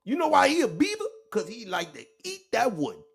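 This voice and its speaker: A man rants in commentary, mocking and profane, his voice sitting high and wildly animated as it leaps from shouts down to muttered asides. The tone is heavily gravelly, with a crackling fry throughout. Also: normal speed. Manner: loud, profane, mocking rant that swings between shouts and low mutters. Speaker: online commentator. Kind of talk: ranting commentary.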